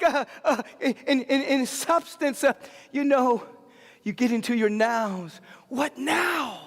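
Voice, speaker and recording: A man delivering an impassioned sermon in a rhythmic, repetitive cadence, swinging between shouts and hushed murmurs. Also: very high-pitched, expressive, slow, vocal fry. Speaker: spiritual leader. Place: large spiritual center sanctuary. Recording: long hall reverb.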